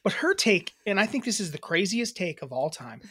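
This podcast co-host is a woman in her thirties whose casual, blunt chat is packed with swearing and fillers. She has a medium-pitched, fairly bright voice with a slight roughness, and she sounds very animated and brisk.

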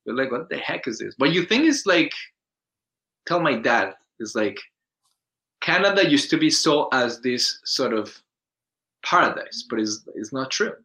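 A man from Colombia with a Colombian Spanish accent, a guest in a casual interview, telling stories in a lively way and acting out quoted voices. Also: mid-range voice, unhurried, pauses often, rough recording. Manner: animated storyteller, acts out quoted voices, restarts often.

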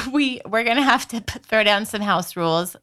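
Bright, clear-voiced teasing woman. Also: on the high side, normal speed. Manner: upbeat, teasing, encouraging. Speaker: podcast co-host. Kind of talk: casual chat.

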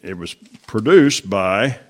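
Man, somewhat low voice, affirming host, short yeahs and amens, casual interview. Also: expressive, takes it slowly.

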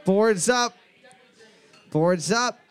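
A man hosting a casual comedy quiz, playful and quick to laugh, drawing out his questions. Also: high-pitched, lively intonation, clean tone. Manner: playful, drawls questions slowly, laughs often. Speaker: quiz host.

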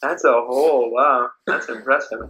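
A Canadian beach volleyball player, guesting on a podcast, rambles through a casual interview chat, laughing often and filling his speech with fillers. His mid-range voice is steady, bright and forceful at a normal speed, though the audio is poor.

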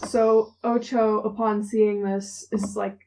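A woman's voice: mid-range voice, little pitch movement, slow pace, gravelly, dark tone, rough recording. A woman chatting casually as a player in a tabletop game, giggly and a bit hesitant.

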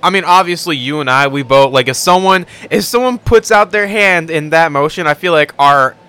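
A man's voice: a little high, moderate pace, bright, forceful tone, smooth. A man co-hosting a podcast, chatting in a laid-back way with plenty of slang. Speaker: podcast co-host. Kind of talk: casual chat.

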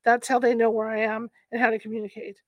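A woman reading the part of a hypnotized woman recalling an abduction, answering flatly and with certainty. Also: a little high, quick pace, no echo, muffled recording, lightly acted.

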